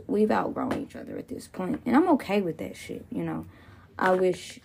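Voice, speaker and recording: In a casual solo rant on her podcast, a woman recovering from pneumonia curses freely and laughs in asides. She has a mid-range, gravelly, sing-song voice at a measured pace, with background noise behind her.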